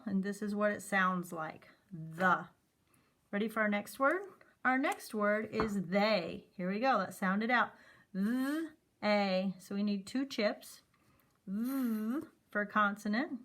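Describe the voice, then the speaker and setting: Slow, patient woman teaching phonics. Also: medium pitch, fairly bright tone. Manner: slow, clear sounding-out of letter sounds; encouraging teacher talk to children. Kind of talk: phonics lesson for young students.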